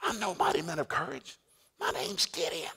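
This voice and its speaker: A man voicing a timid, starving young man who whines that he is nobody, in a higher pitched voice than his own. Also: expressive, moderate pace, bright, forceful tone, breathy edge, heavily acted. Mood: whiny. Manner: whiny, self-pitying. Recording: echoey hall with long reverb.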